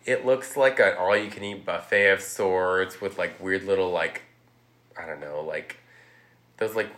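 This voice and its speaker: A man casually recapping a movie, rambling with lots of "like" and throwing in quick impressions of the characters. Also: deep voice, a bit bright. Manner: rambling, heavy use of "like", acts out quotes. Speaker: podcast guest recapping a film. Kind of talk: casual chat.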